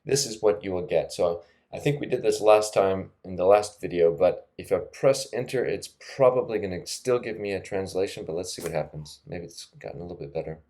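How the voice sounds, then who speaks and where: Low-voiced man, chatty tutorial. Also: expressive, a little fast, few pauses. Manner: casual and chatty, with frequent fillers and soft laughs. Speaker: language teacher. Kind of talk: screen-recorded tutorial.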